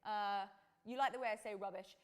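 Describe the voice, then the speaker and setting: A woman from England in her thirties, with an accent mixing English, Australian and American, chatting bubbly and animated on a live stream from a lapel mic. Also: medium pitch, brisk, clear, resonant tone. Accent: English mixed with Australian and American. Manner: bubbly, exclaiming, acts out quotes. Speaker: fitness podcast host. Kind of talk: casual live-stream chat.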